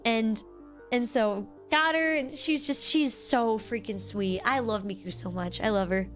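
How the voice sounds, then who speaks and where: A young woman streamer telling a story to her chat in a casual, animated way, restarting sentences often. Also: a little high, unhurried, soft background music. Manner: animated, excitable, lots of restarts and "like".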